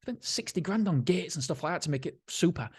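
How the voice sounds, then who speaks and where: A man with a somewhat high-pitched speaking voice hosts a casual motivational podcast. He talks bluntly and swears freely. He circles back on his own points and restarts sentences as he goes. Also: animated, a little fast, slightly rough. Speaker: podcast host.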